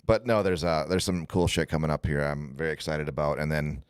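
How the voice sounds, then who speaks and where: A male guest with a very low voice who talks in a laid-back way, swears a lot and often lets his sentences trail off. He sounds dry and close to the mic. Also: fairly even intonation, a little fast, clean tone, dry recording. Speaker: guest guitarist. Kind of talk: casual chat.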